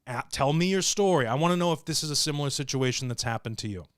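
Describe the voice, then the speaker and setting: A man's voice: mid-range voice, fast, no room sound, clean studio sound. A man hosting a livestream and telling a story with jokes, swearing and acted-out voices. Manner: animated, profane, joking. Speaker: show host.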